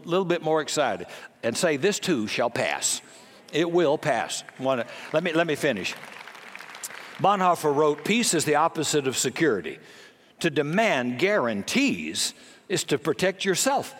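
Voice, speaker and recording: An older man preaching a sermon in a folksy, conversational way with quick jokes, in a church hall. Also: fairly high pitch. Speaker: pastor.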